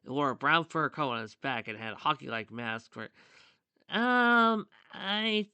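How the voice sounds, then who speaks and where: A man narrating a fan-made story in a bright, sharp voice that sounds dry and close to the mic. He keeps stepping out of the story to add eager side comments. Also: medium pitch, brisk, dry recording. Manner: breaks off into excited side comments. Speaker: fan fiction reader. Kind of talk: reading a story aloud with asides.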